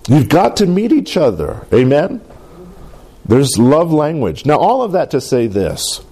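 Lively preaching man with a mellow voice. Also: on the high side, a little slow, slightly rough. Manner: lively, call-and-response preaching with playful voices. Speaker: pastor. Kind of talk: sermon.

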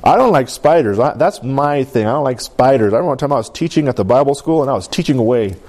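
A man's voice: medium pitch, animated, fast talker, warm tone. A man preaching a sermon, telling personal stories and building to emphatic, rising exhortations. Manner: storytelling, emphatic with rising intensity.

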